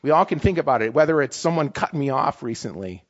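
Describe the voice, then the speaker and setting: A man preaching a sermon in a lively, confessional way, often checking in with "right?". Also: medium pitch, quick pace, lo-fi sound. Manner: animated, confessional, many "right?" tags.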